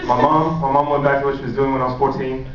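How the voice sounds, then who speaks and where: A man, telling stand-up stories in a halting, self-deprecating way with many fillers. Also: mid-range voice, flat delivery, background noise. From Australia. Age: 20s. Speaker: stand-up comedian. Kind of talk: stand-up comedy. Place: large comedy venue. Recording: echoey distant live hall, muffled.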